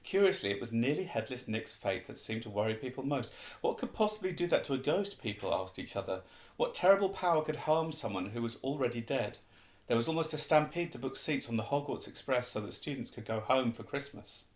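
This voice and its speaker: A man reading a novel aloud as an audiobook, steady and unhurried. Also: medium pitch. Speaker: reader. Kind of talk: audiobook narration. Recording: roomy echo.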